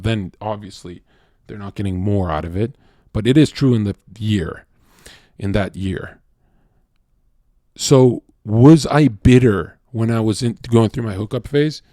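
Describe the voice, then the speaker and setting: A male streamer talks in a loose, rambling monologue, blunt and crude with plenty of filler words. His mid-range voice jumps from loud bursts down to quiet mutters. The sound is dry and close, with no room echo. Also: moderate pace. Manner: swings between loud outbursts and low mutters. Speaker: livestreamer.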